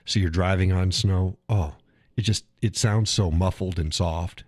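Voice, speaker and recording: Low-voiced middle-aged man chatting, dry sound. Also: measured pace, darkish tone, no room sound. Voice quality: chuckles often while talking. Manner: rambling, restarts and repeats phrases. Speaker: live stream host. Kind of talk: casual solo chat.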